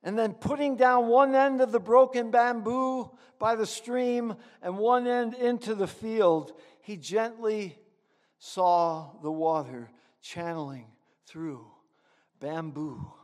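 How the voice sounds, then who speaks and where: High-voiced man preaching in a hall. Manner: earnest, with dramatic pauses. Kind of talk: sermon with storytelling. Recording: echoey hall.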